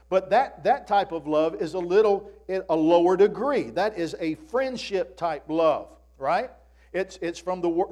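A man's voice: fairly high pitch, a little mellow. A male pastor preaching a sermon in a folksy way, often asking his listeners "Amen?". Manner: preaching with repeated call-and-response "Amen?"; folksy, addresses listeners as "friend".

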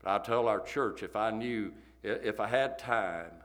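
A man's voice: lowish voice, moderate pace, fairly bright tone. A man preaching a sermon, telling a story in a folksy, emphatic way and repeating himself. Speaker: pastor.

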